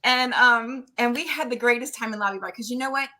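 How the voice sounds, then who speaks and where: A middle-aged woman, a guest on an interview show, chatting loudly and laughing often as she tells stories. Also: a little high, fairly quick. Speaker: guest, tarot reader and medium. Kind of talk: casual interview chat.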